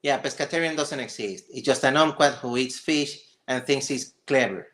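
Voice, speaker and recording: A man hosting a livestream, reacting to a video with sarcastic, exasperated commentary and excited stammering. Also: medium pitch, moderate pace. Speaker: livestream host.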